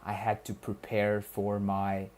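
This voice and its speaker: A man's voice: on the low side, completely flat delivery, slow pace, darkish tone. A young man, a student streamer, chatting casually with his viewers, rambling, repeating himself and joking in slang. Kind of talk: casual livestream chat with viewers.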